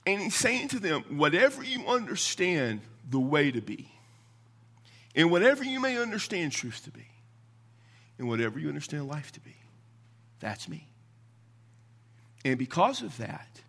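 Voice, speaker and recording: A man's voice: high voice, normal speed, vocal fry, pauses often, slightly rough. A man preaching a sermon as a Baptist pastor, teaching from scripture in an emphatic, conversational way with the odd chuckle. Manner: emphatic, animated, chuckles between points.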